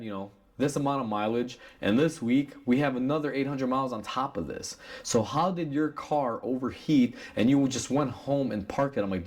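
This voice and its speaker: A man with a Chicago accent, an auto shop owner, telling a customer story casually to camera and acting out the heated quotes. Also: medium pitch.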